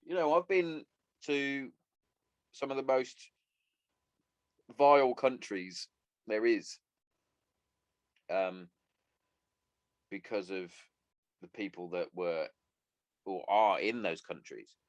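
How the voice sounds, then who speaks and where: A man's voice: on the low side, slow pace, pauses often, no room sound. A man hosting a solo podcast, ranting bluntly and swearing a lot. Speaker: podcast host.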